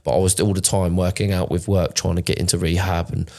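A man in his thirties tells his story in a raw, unpolished way, often breaking off and restarting sentences. His voice is very low, with a rough, gravelly fry. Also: flat delivery, quick pace, warm tone. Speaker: podcast co-host. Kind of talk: candid conversational storytelling.

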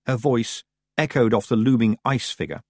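A man narrating an audiobook in an expressive, measured storytelling manner. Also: mid-range voice, dry recording, studio quality. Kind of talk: scripted narration.

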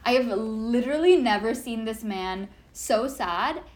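Young woman, podcast co-host, high-pitched, giggly, casual chat. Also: animated, measured pace, darkish tone. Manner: bubbly, giggly, imitates engine sounds and quotes.

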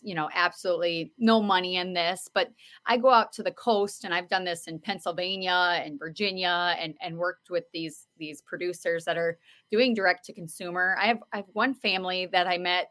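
A woman podcast host talking casually, telling stories in an earnest, animated way with many fillers. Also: mid-range voice. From South Dakota. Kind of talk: casual conversational talk.

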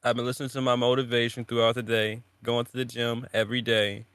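A man co-hosting a podcast, trading relaxed, upbeat banter and short reactions in casual chat. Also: medium pitch, fast talker, smooth, no room sound. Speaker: podcast co-host.

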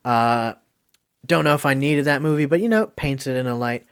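A man hosting a casual podcast, animated, laughing often and swearing freely. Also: mid-range voice, normal speed, clean tone. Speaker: podcast host.

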